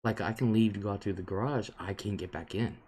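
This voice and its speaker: A man's voice: on the low side, fast, a little mellow, slightly rough. A man hosting a casual live stream, answering viewer comments and rambling on with indignation. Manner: rambling and indignant, with frequent fillers. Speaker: host reading viewer comments.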